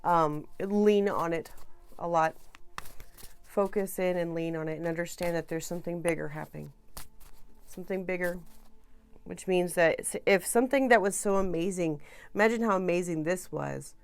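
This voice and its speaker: A woman reading tarot cards to camera in a chatty, soothing way, trailing off soft and then rising loud again. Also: on the low side, moderate pace, smooth. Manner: chatty and soothing, with frequent restarts and swings between soft and loud. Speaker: tarot reader.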